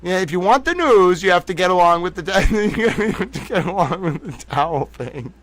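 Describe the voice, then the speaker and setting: A man's voice: high voice, animated, moderate pace, fairly bright tone, dry recording. A man hosting a live-streamed news show in a casual, playful, self-mocking way, giggling and talking to his chat. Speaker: livestream news host.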